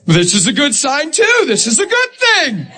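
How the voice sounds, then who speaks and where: A man who is a Christian minister, telling stories in an animated chat, emphatic and often laughing as he talks. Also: extremely high pitch, moderate pace.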